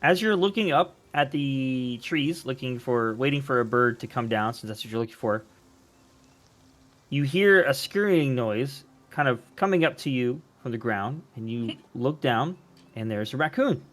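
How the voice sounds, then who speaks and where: A man's voice: medium pitch, lively intonation, normal speed, a bit bright. A man running a tabletop game as game master, narrating in a loose, chuckling way full of fillers. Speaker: dungeon master.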